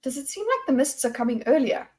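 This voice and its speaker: A woman's voice: high voice, sing-song, fast talker, a little mellow, slightly rough, exaggerated voice. A woman reading the lines of a determined young woman investigator, in a probing, insistent way.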